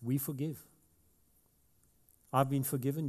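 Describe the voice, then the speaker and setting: A South African man preaches to his congregation in an easy, conversational way that swells into emphatic stretches. His voice sits at an ordinary middle pitch. A long reverb trails behind him from the hall. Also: little pitch movement, normal speed, long pauses, dark tone. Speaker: pastor. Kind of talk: sermon.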